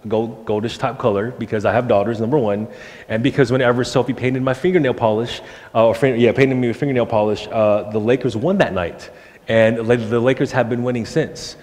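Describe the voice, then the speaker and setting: A young man preaching a casual, animated sermon and slipping into the voices he quotes. His pitch sits in the middle. The church hall behind him rings with a long reverb. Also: a little fast. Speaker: pastor. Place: church sanctuary.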